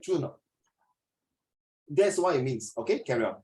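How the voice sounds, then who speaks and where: Animated Singaporean man teaching, teasing. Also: moderate pace. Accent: Singaporean English. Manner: animated, teasing, mixes languages, lively pitch swings. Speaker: tutor. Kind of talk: casual joking lesson.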